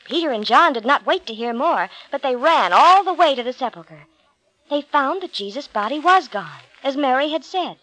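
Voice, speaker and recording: A woman's voice: high-pitched, expressive, moderate pace, bright, forceful tone, rough recording. Woman reading a storybook aloud. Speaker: narrator.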